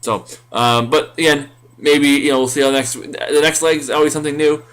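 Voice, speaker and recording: A man's voice: on the high side, fairly even intonation, brisk, fairly bright tone, clean tone. A man co-hosting a casual recap podcast, rambling with many fillers and restarts. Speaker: podcast co-host.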